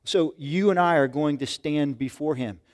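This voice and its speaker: A man's voice: fairly high pitch, moderate pace, a little mellow. An older man preaching a sermon in an earnest, conversational way, often restarting his words. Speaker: pastor.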